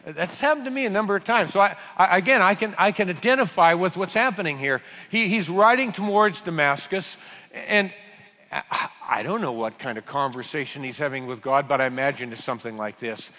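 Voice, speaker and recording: A man preaching a sermon, telling the story with jokes, restarts and sudden loud bursts. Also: a little high, a little fast. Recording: long hall reverb.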